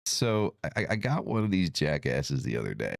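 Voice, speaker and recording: A man's voice: a bass voice, very animated, normal speed, creaky, no echo, studio quality. A man hosting an occult livestream, ranting in a casual, profane, irritated way, with many restarts.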